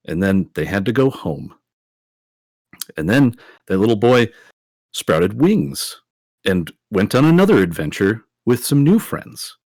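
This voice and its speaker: A man with a very low voice that still moves lively up and down, playing a tabletop game character. He tells stories in a relaxed way, and the sound is dry with no room echo. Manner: relaxed, storytelling. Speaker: player. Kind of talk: tabletop role-play.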